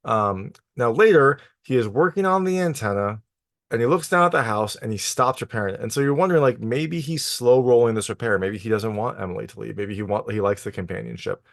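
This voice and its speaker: A man retells a film's plot in a loose, chatty way, full of fillers and restarts. His voice sits at a middle pitch. It is recorded dry and close, with no room sound. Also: fairly quick, creaky, no room sound. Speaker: film reviewer. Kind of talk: casual spoken film recap.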